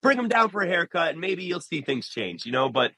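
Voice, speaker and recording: A barber appearing as a guest talks casually in an interview, animatedly acting out the people in his stories. His voice sits high, moves fairly quickly, and sounds creaky, in a rough recording with no echo.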